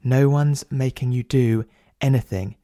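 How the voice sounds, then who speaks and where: A man voicing the prime minister's wife, gently placating and condescending, in an audio drama. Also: mid-range voice, steady tone, a little slow, no echo, clean studio sound, natural voice. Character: soothing, patronizing wife of the prime minister, adult woman.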